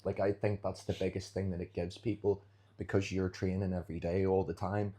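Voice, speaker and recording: A man's voice: deep voice, flat delivery, fairly quick, mellow. A man, a jiu-jitsu fighter, chatting as a podcast guest and animatedly acting out street scenarios. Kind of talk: casual interview chat.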